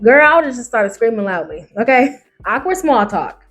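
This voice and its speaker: A woman who reads online stories aloud as a YouTuber. She reacts with sass and loud outbursts, and calls her listeners baby and honey. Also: a little high, very animated, moderate pace, faint music behind. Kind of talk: animated reaction reading.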